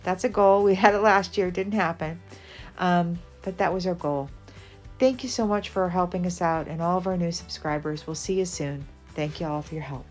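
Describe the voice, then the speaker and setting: A woman's voice: fairly low pitch, normal speed, a little mellow, soft background music. A woman from the Southern United States hosting a cooking channel, chatting casually through a recipe with fillers and small laughs. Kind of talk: casual cooking demonstration voice-over.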